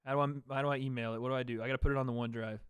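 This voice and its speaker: A man's voice: mid-range voice, steady tone, racing, smooth, no echo. A man hosting a fight watch-party livestream, giving play-by-play commentary. He is chatty, swears freely and talks to his chat between calls. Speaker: livestream host.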